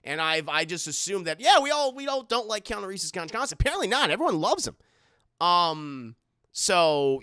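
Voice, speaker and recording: A man's voice: on the high side, pushed and bright, dry recording, studio quality. A man live-streaming, rambling through casual commentary and reading out his chat, often stumbling and repeating words.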